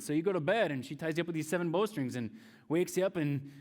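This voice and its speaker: A man's voice: fairly high pitch, expressive, quick pace. A man retelling a scripture story as a youth pastor, casual and chatty, speaking to his listeners as "you". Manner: casual, chatty, tells it in second person. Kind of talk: storytelling sermon to students.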